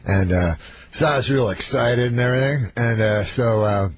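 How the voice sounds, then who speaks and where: Rambling deadpan male comedian on radio. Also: medium pitch, normal speed. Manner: rambling, full of fillers and self-corrections. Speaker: comedian guest. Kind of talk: deadpan anecdote telling. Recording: muffled radio line with hiss.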